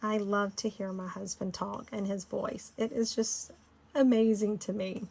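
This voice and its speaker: Her voice is medium-pitched, gravelly, and a little mellow, with a level tone and a slightly slow pace. A chatty middle-aged woman from Florida with a Southern Georgia accent, she rambles casually and laughs easily while guiding a screen-recorded design tutorial.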